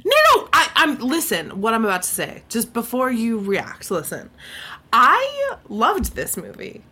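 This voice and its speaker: A woman's voice: a little high, wildly swooping pitch, unhurried, bright, forceful tone, slightly rough. A woman co-hosting a podcast, chatting casually and emphatically, with many "like"s. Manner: chatty, emphatic, says "like" often. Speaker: podcast co-host. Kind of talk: casual chat.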